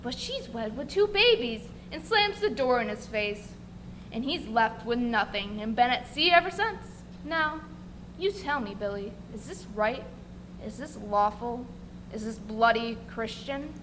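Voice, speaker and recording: A woman's voice: a little high, animated, a little slow, a bit bright. A woman playing a coarse, rebellious male sailor. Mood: persuasive. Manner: coarse, rough talk with crude swearing. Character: bitter, rebellious male sailor stirring mutiny. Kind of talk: live college stage play. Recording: stage recording with faint noise.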